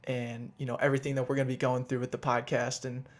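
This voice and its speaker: A man's voice: medium pitch, flat delivery, quick pace. A man co-hosting a podcast in casual chat, rambling through upbeat banter with restarts. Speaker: podcast co-host.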